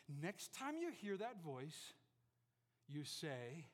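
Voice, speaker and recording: A man preaching a sermon to a congregation, animated, swinging from loud to hushed and joking with the listeners. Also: high voice, unhurried, big-room sound. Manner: jokes with the congregation. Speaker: pastor. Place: church before a congregation.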